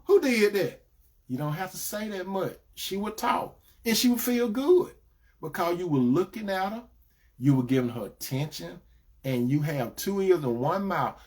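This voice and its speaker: Man with a fairly high voice, preaches relationship advice, repeats his points, swings between loud emphatic lines and soft asides. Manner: repetitive, addresses listeners as brothers and sisters. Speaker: Christian relationship advice speaker. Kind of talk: preaching-style advice talk.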